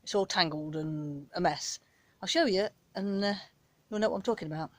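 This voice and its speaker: A woman's voice: fairly low pitch, normal speed, no echo. A British woman chatting casually in her garden as she films herself on a handheld phone, talking in a rambling, down-to-earth way. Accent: British English. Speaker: gardening vlogger. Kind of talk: casual chat. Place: outdoor back garden.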